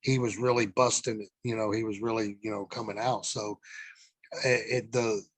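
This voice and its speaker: A man's voice: lowish voice, level tone, normal speed, no echo. Middle-aged man telling road stories, dry. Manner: rambling, profane, frequent fillers and restarts. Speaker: guest, former pro wrestler. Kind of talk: casual storytelling interview.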